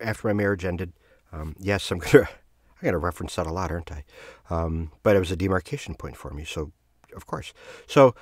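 A man hosting his own podcast, telling a personal story in a rambling, self-correcting way with soft laughs. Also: lowish voice, dry recording, clean studio sound. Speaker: podcast host. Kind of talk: casual storytelling monologue.

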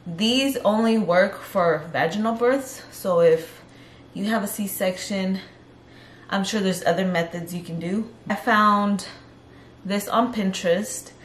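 A woman's voice: mid-range voice, slow pace, roomy sound, a little hiss or hum. A young pregnant woman chatting casually on her vlog, out of breath and rambling as she corrects herself. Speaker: vlogger.

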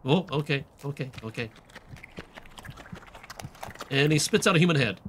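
A man's voice: fairly high pitch, animated, normal speed, a bit bright, a little hiss or hum. A man hosting a let's play, musing aloud in casual gameplay commentary.

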